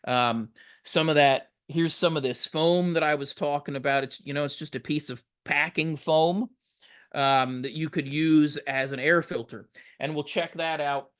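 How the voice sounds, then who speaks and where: Brief: male instructor, slightly higher voice, video-call training, practical and encouraging, filler-heavy. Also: steady tone, unhurried, a bit bright, smooth. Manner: works hands-on with tools while talking. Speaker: fire service instructor. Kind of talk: live online training demonstration.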